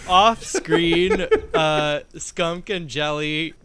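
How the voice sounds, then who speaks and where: A man's voice: on the high side, sing-song, extremely slow, fairly bright tone, slight background noise. A man playing a tabletop game who teases the other players in a dry way and laughs while he talks.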